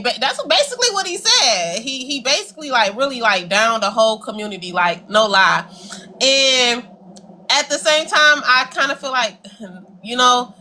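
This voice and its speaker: Chatty woman co-hosting a stream, aave, pretty high voice, real bright and sharp, bit of faint room noise behind. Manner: chatty, addresses viewers as y'all. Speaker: co-host. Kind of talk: casual livestream chat. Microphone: video call.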